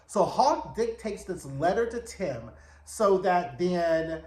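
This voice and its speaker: A man's voice: high-pitched, animated, slow pace, darkish tone, echoey room. A man giving a sassy, slangy, chatty recap of a TV episode, slipping into quoted voices as he retells scenes. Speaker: TV recap reviewer. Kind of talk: casual recap and commentary.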